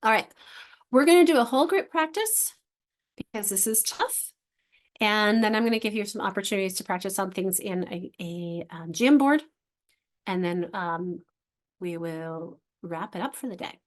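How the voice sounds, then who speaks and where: A woman's voice: medium pitch, animated. Encouraging woman teaching a workshop. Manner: encouraging, sounds out syllables slowly. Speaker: literacy instructor.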